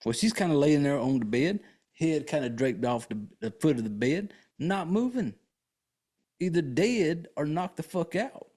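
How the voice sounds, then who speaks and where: A man's voice: a little high, expressive, moderate pace, darkish tone, slightly rough. A man hosting a podcast, recapping a film in a casual, profane, joking way with lots of fillers. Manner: rambling, crude and joking, with many fillers. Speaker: podcast host.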